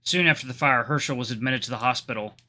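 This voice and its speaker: A man's voice: medium pitch, quick pace, pushed and bright. Upbeat man hosting a let's play. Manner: chatty, upbeat, reacts with curses. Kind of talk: let's play commentary and reading aloud.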